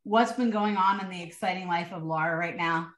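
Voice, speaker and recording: A woman's voice: fairly low pitch, a little fast. A woman hosting a podcast interview, joking and steering the questions in a casual way. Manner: friendly, joking, leading questions. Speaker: podcast host. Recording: roomy echo.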